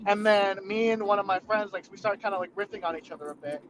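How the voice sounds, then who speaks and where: High-voiced young man telling rambling stories. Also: fast. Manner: rambling, profane, lots of fillers. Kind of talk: casual storytelling chat. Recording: muffled lo-fi recording with clear background noise.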